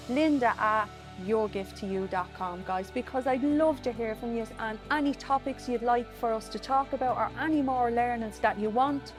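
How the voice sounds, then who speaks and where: A middle-aged woman hosting a podcast, giving motivational self-help talk and coaching her listeners directly in an encouraging way. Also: a little high. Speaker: podcast host.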